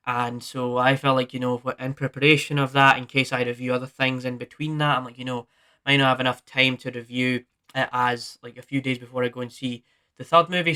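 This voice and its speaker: A man's voice: medium pitch, pushed and bright, smooth. A man hosting his own movie review video, talking in a casual, rambling way with many fillers and restarts.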